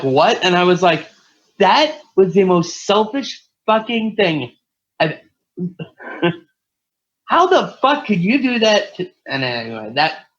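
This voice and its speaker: A man's voice: mid-range voice, fairly bright tone. A man co-hosting a podcast in casual chat, telling stories with lots of swearing and laughter. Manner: profane, laughing storyteller. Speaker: podcast co-host. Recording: dull lo-fi sound.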